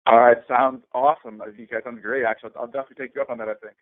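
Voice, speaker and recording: A young man answers on a conference call in brisk, matter-of-fact terms. He talks very fast. The sound is a dry, tinny phone line. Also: mid-range voice, little pitch movement, no echo. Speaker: team leader on a call. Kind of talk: casual phone chat.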